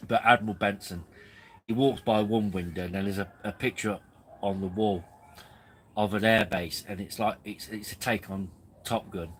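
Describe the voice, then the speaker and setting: A man's voice: on the low side, fairly even intonation, normal speed, slight background noise, poor audio. A man hosting a live camping stream, chatting casually in a rambling way and chuckling often. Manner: rambling, chuckling, easily amused. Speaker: camping livestream host. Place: outdoors at a campsite.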